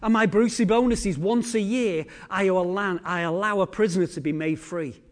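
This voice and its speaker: A male preacher delivering a sermon as dramatic storytelling, swinging between loud declarations and hushed lines. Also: high-pitched, moderate pace.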